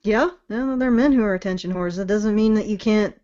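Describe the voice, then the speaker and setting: A woman of middle pitch makes pointed, sardonic jabs in a podcast chat. The sound is muffled and lo-fi. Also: brisk, mellow. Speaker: podcast co-host. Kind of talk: casual panel chat.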